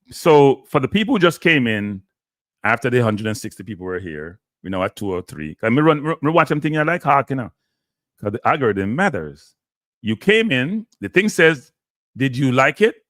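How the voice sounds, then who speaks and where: A man's voice: on the low side, dry recording, clean studio sound. A Jamaican man hosting a live stream, annoyed and pleading with his viewers. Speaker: live show host.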